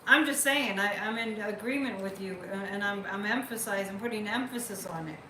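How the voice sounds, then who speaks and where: Hosting a psychic livestream, a woman chats casually, reads out viewer comments and repeats phrases for emphasis. Her medium-pitched voice is brisk and sharp. The rough recording is reverberant, with a little hiss or hum.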